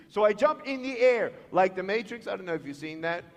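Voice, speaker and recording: A man with an Australian accent giving a motivational speech, telling stories in an animated way with sound effects and acted-out dialogue, in a large hall. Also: sits high, fairly quick, few pauses. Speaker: motivational speaker. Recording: echoey hall reverb.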